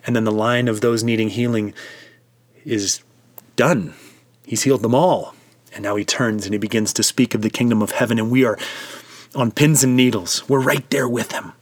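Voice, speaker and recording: A male preacher tells a devotional story in a vivid, immersive way, inviting listeners into the scene. His voice sits at a middle pitch. The recording is dry and close. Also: fairly even intonation, normal speed, no room sound.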